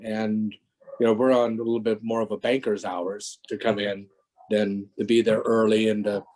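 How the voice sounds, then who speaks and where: A man's voice: lowish voice, little pitch movement, moderate pace, a little mellow, rough recording. A man in his sixties, a former stunt performer, telling rambling stories with many restarts on a video call. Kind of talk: casual interview anecdotes.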